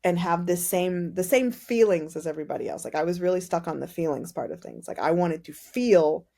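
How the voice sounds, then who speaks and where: A woman guest on a podcast, telling her faith story in casual, animated conversation and acting out the dialogue. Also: fairly low pitch, brisk, creaky. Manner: animated storytelling, many "like" fillers, acts out dialogue. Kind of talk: personal testimony in casual conversation.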